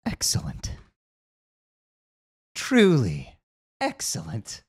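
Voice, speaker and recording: A man voicing an eerie, formal male skeletal scientist in a game playthrough, speaking with slow, stately, ominous phrasing. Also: lowish voice, huge pitch swings, a little mellow, husky, full character voice. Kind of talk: voice acting over a game playthrough.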